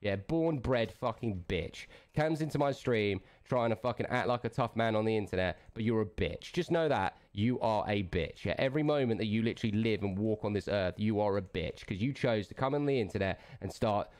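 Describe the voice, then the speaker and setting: A man's voice: lowish voice, expressive, fairly quick, hardly any pauses, darkish tone. A man streaming a game, launching into an aggressive, profane rant that keeps jabbing with "yeah?". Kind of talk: angry livestream rant.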